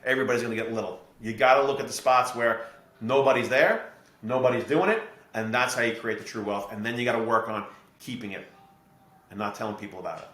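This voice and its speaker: A middle-aged man from New Jersey, a podcast guest and real estate investor, explaining his ideas through steady anecdotes. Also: medium pitch, fast talker. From New Jersey, USA. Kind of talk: podcast interview storytelling. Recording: echoey room.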